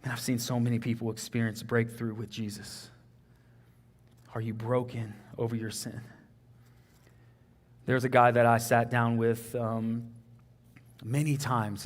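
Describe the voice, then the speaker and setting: A young man with a Texan accent preaching a sermon in an earnest, conversational way, often saying "man" and "like". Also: mid-range voice.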